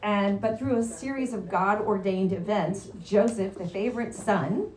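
A woman's voice: mid-range voice, unhurried, a little mellow. A woman teaching a casual Bible lesson, chatty and quizzing her class as she goes. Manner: chatty, asks the class questions. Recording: roomy echo, faint background noise.

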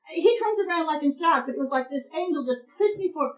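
Animated middle-aged woman preacher. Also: high-pitched, fast, hardly any pauses, reverberant, low-quality recording. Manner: animated storytelling with quoted dialogue. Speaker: women's ministry speaker. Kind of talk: storytelling sermon to women.

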